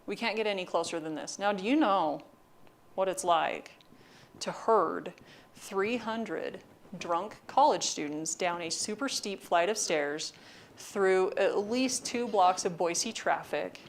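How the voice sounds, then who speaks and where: A woman giving a lecture, telling funny anecdotes with wry, deadpan asides. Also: mid-range voice, slow, slight background noise. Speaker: university lecturer. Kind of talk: storytelling lecture.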